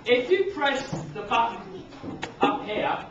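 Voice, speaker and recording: A man's voice: very high voice, very animated, slow pace. A young Englishman teaching young children in a large museum hall, upbeat and encouraging. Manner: upbeat, encouraging, demonstrates with acted examples. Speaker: museum educator. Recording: echoey, distant, muffled, noisy.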